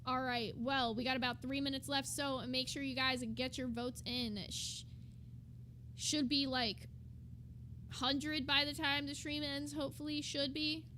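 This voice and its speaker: A woman with a high, sharp, bright voice co-hosts a livestream. She talks loosely and casually, with many fillers, and swears freely. A faint hiss sits under her voice. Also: little pitch movement, unhurried. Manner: loose and chatty, with lots of fillers and cursing. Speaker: livestream co-host.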